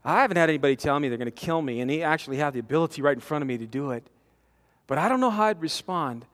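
Guy in his 40s preaching to a men's conference, pretty high voice, big hall echo, animated, acts out the quotes. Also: very fast. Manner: animated, acts out quotes, repeats words when pressing a point. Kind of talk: conversational sermon. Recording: long hall reverb from a conference.

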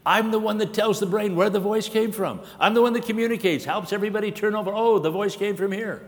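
A preacher doing a boastful, needy ear. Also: male voice, sits high, fast talker, long reverb tail, pitched above the performer's own voice, natural voice. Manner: boastful, attention-seeking. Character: self-important needy talking ear, male.

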